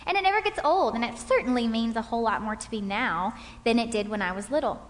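A woman's voice: fairly high pitch, expressive, fast talker. A woman in her thirties speaking to an audience, telling personal anecdotes and checking in with "okay?". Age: 30s. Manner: warm anecdotal, frequent "okay?" check-ins. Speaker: speaker at a couples' talk. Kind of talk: storytelling talk to an audience. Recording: long hall reverb.

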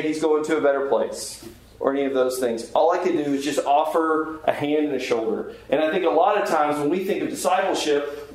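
A man, a chaplain, teaching a Bible class in an earnest, conversational way and putting questions to the group. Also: a little high. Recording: very echoey room, faint background hiss.

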